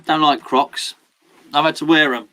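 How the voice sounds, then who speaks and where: Slightly slow and higher-pitched, this watchalong host has a steady yet sharp tone, with a little hiss or hum behind him. He banters with his football stream's viewers, reads out chat, laughs a lot, and erupts without warning.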